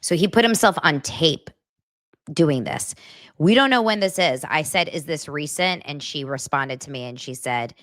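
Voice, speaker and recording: A woman's voice: low voice, lively intonation, moderate pace, a bit bright. A woman hosting a casual celebrity gossip vlog, chatting straight to her viewers. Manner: chatty, addresses viewers directly.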